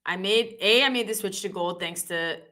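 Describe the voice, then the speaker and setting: A woman hosting a live trading stream, chatty and joking with quick asides. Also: mid-range voice, sharp tone. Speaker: live-stream host trader. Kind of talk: casual live-stream chat.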